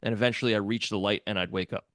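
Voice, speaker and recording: A man's voice: lowish voice, steady tone, very fast, fairly bright tone, no echo, clean studio sound. A man co-hosting a podcast, telling dream stories in casual chat, swearing and laughing often. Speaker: podcast co-host.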